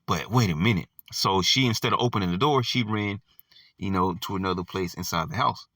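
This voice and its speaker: Man, low voice, casual Bible study teacher, chatty fillers, distant dry mic. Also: brisk, bright, forceful tone, dry recording. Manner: conversational, full of fillers like "all right" and "you know". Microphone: audio only, not seen.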